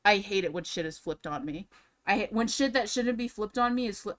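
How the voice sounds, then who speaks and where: A young woman with a medium-pitched, animated voice rants briskly on stream from a room at home as she reacts to drama videos. Exasperated and profane, she keeps it casual and repeats herself.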